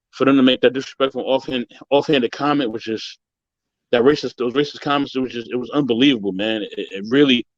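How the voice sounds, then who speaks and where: Man, earnest and emotional, halting delivery, dry dull video-call sound. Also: medium pitch, no echo. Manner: earnest, emotional, halting with many "you know"s. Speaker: guest sharing a story. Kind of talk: personal story on a video call.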